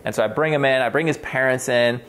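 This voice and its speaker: A man who works as a clinician tells a case story in casual conversation. He is animated, swears freely and often restarts his sentences. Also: medium pitch, fast. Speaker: clinician on a talk show.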